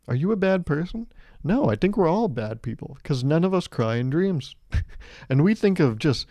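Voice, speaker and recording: Young man, twenties, solo podcast host, casual rambling, self-mocking jokes, mellow tone, dry sound. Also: on the high side, no room sound. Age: 20s. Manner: rambling, joking, self-mocking with acted-out quotes.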